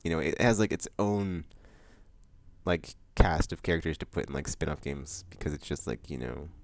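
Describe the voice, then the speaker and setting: A man with a low, deep voice rambles through his monthly vlog. He is casual and full of fillers, breaks into excited bursts, and is recorded dry and close. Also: normal speed, no room sound. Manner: loose, rambling, many fillers and restarts; excitable outbursts about upcoming games. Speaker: vlog host.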